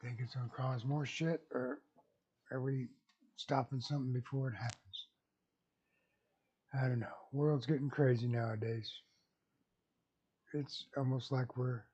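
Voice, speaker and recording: A man's voice: medium pitch, fairly even intonation, measured pace, long pauses, dark tone, slightly rough, highs cut off. A man vlogging casually, rambling folksily and chuckling at his own jokes. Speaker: YouTube vlogger.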